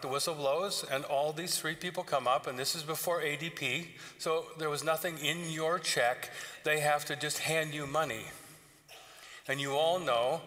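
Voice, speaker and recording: Joking pastor in a reverberant church. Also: male voice, a little high, pushed and bright. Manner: joking, conversational storytelling. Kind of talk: sermon. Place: church sanctuary.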